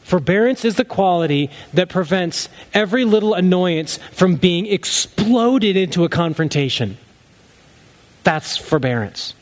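Man, high voice, pastor, sermon, earnest, swings from emphatic to low and soft. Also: animated, measured pace.

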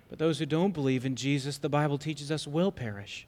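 A male pastor preaching a sermon with emphatic rhetorical questions, swinging between loud and soft. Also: a little high, a little fast, hardly any pauses. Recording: long hall reverb.

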